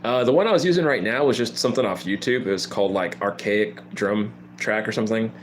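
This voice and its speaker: A man's voice: on the low side, fast, a little hiss or hum. A man in his thirties hosting a casual guitar livestream, laid-back and chuckling, saying "man" and "dude" a lot. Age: 30s. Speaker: livestream host.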